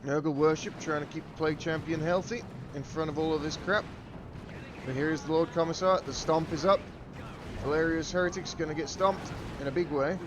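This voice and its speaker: A man's voice: fairly high pitch, steady tone, a little fast, background noise. A man casting a live game tournament with loose, joking play-by-play. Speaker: tournament caster.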